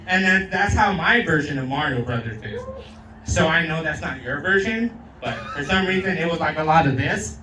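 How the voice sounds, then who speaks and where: A male comedian doing a crude, rowdy stand-up set, slipping into Spanish and loud put-on voices. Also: high-pitched, lively intonation, moderate pace, crowd noise. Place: outdoor backyard show. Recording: roomy sound from a distant mic.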